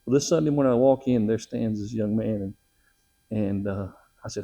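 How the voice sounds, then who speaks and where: A man's voice: lowish voice, moderate pace, warm tone, dull audio. A middle-aged man, a missionary, telling a personal testimony in a folksy, emotional way with frequent laughs.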